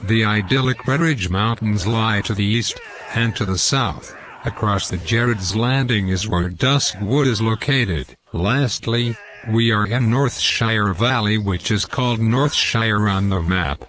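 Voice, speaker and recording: A man narrating a game walkthrough, deliberately reading out lore and in-game quotes. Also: fairly low pitch, fairly bright tone. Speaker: gameplay commentator.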